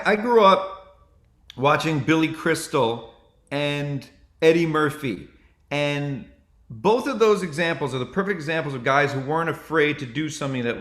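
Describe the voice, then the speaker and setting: Animated comedian, man, bright voice, echoey room. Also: a little high, unhurried. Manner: animated storytelling. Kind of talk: casual chat. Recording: roomy echo.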